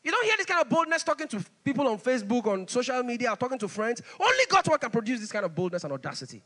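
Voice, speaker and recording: A pastor delivers an animated sermon in a high, bright voice. He presses his points by repeating phrases again and again. Long reverb from the hall trails behind him. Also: racing, hardly any pauses.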